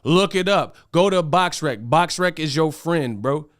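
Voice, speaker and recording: A young man hosting a boxing commentary livestream, talking fast in slang, excitable and laughing as he reads viewer chat. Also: fairly high pitch, dry recording, studio quality. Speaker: boxing commentary show host.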